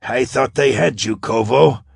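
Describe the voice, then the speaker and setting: A man's voice: mid-range voice, unhurried, vocal fry, husky, no echo, studio quality, full character voice. A man doing a stammering nervous alien. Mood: anxious. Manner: stammering, bleating.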